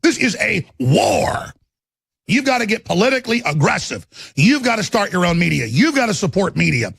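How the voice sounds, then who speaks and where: Middle-aged male host with a raised, raspy voice, ranting furiously and repeating himself on a live broadcast. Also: high voice, sing-song, moderate pace, fairly bright tone, no room sound. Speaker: talk radio host. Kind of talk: angry political broadcast rant.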